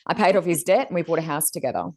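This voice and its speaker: An Australian woman co-hosting a casual chat, telling stories animatedly and mimicking others with big pitch jumps. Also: animated, racing, a little mellow. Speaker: co-host.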